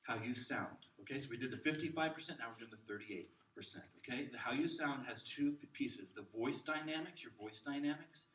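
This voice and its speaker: A man teaching a class of children's ministry workers, jumping between loud bursts and soft near-whispers to show how to use the voice. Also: medium pitch, a little fast, hardly any pauses, a little hiss or hum. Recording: roomy echo, mic at a distance.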